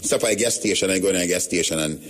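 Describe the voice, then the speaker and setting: A man's voice: deep voice, very fast. A middle-aged Jamaican man hosting a radio show, chatting in a loose storytelling way with plenty of patois. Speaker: radio host. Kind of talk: casual radio talk.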